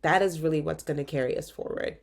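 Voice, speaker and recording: A woman's voice: deep voice, fairly even intonation, fast, vocal fry. A woman hosting her own podcast, congested with a cold, talking candidly and informally about rest and burnout. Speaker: podcast host and physician coach. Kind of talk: casual solo podcast talk.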